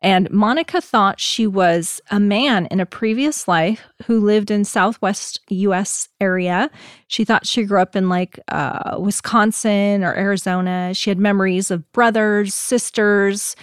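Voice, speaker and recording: A woman's voice: medium pitch, unhurried, smooth, dry recording, studio quality. A woman hosting a podcast, casually recounting stories with many fillers. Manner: storytelling, laid-back with fillers. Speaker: podcast host.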